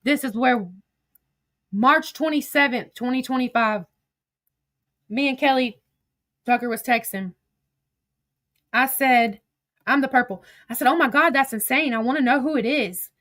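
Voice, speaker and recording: This is a high-pitched woman in casual storytelling mode, reading back old text conversations. She talks bluntly and swears freely, with wry asides between the messages. Her voice sits in a dry, close setting with no room echo. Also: measured pace, long pauses, fairly bright tone. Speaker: commentator recounting drama.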